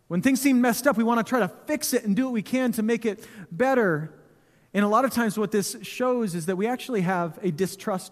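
A man in his thirties preaching a sermon in a church, telling stories in a relaxed, conversational way with touches of humor. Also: high voice. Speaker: pastor. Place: church sanctuary. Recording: long hall reverb.

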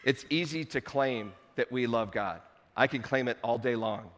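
A man preaching a sermon to his congregation in a relaxed, conversational way with playful asides. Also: mid-range voice, normal speed, in a large hall. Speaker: pastor. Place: church sanctuary.

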